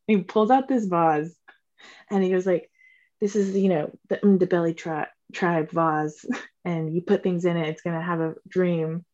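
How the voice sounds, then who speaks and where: A woman's voice: fairly low pitch, measured pace, highs cut off. A woman in her twenties telling a story in casual chat, acting out what people said, swearing and saying "like" a lot. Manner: animated, acts out quotes, swears, says "like" often.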